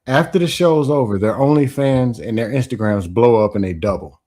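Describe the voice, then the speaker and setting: A man's voice: medium pitch, a little fast. A man co-hosting a casual talk show, talking bluntly. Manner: blunt, animated, acts out quoted voices. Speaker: podcast co-host. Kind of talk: casual chat.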